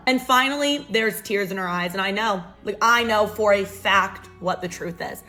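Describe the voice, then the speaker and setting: A young adult woman narrates a personal drama, full of sarcastic asides and dramatic emphasis. Her voice sits at a moderate pitch, and soft music plays faintly behind her. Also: moderate pace, few pauses. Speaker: storytime narrator. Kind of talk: storytime narration for social video.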